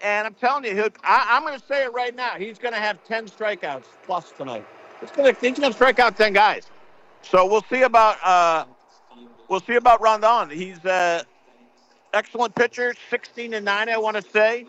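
High bright older man talking sports. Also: moderate pace. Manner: rambling, repeats himself, lots of fillers. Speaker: sports radio host. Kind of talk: casual sports talk. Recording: slightly dull broadcast audio.

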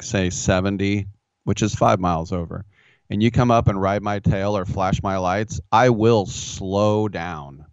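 A man's voice: lowish voice, clear, resonant tone, no room sound. A man hosting a sports radio show, telling rambling, self-mocking stories. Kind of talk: casual sports talk radio. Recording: dull, dry studio sound.

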